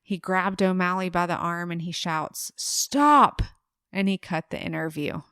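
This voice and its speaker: A woman co-hosting a casual true-crime podcast, telling the case in a relaxed way and laughing easily. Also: lowish voice, normal speed, clean tone, dry recording, clean studio sound. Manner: relaxed storyteller, laughs easily, acts out quotes briefly. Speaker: podcast co-host narrating the case.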